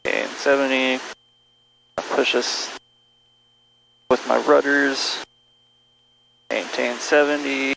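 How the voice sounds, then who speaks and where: A man's voice: medium pitch, flat delivery, takes it slowly, gravelly, pauses often, pushed and bright, a little hiss or hum, poor audio. A young man, a student pilot, talking through his flight steps on a headset intercom and joking with his instructor. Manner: jokey, laughs often, calls out steps aloud. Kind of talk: cockpit commentary during a training flight. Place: small plane cockpit.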